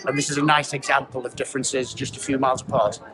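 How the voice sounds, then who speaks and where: A man's voice: medium pitch, little pitch movement, fast talker, heavy background noise. A man from South Yorkshire chatting in a friendly, explanatory way about local words at a conference. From South Yorkshire, England. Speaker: conference attendee explaining dialect. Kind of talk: casual chat.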